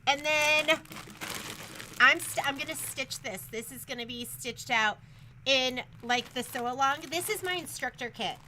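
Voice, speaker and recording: A woman's voice: sits high, unhurried, bright, forceful tone, a little hiss or hum. A woman who teaches sewing, giving a chatty, rambling shop update in an upbeat way.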